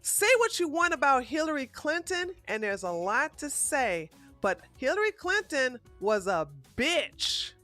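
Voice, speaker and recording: Blunt, profane woman ranting in a bright voice. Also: high voice, big pitch swings, measured pace, few pauses, soft background music. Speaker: political commentary host. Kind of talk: live-stream commentary rant.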